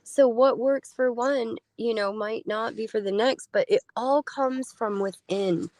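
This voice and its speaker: A woman guest speaking reflectively in a casual conversation, pausing to search for her words. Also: on the high side, darkish tone, dry recording.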